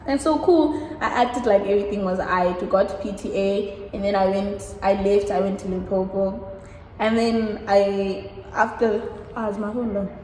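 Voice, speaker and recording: Woman, animated storyteller who laughs a lot, faint background noise behind her. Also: mid-range voice, normal speed. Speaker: guest. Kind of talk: casual storytime chat. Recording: echoey room with long reverb and faint background noise.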